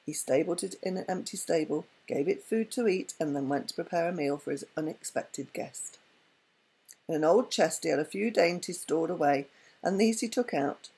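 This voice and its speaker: A woman narrating a storybook tale in a gentle, unhurried reading. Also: lowish voice, husky, rough recording.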